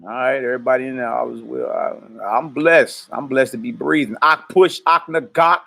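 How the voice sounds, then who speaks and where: A man's voice: medium pitch, fairly even intonation, normal speed, vocal fry, bright, forceful tone. A man leading a ministry livestream, greeting viewers by name in loose street slang and then calling out prayer lines for a group to repeat. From United States. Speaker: minister leading a live-streamed teaching. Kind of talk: casual shout-outs and call-and-response prayer leading.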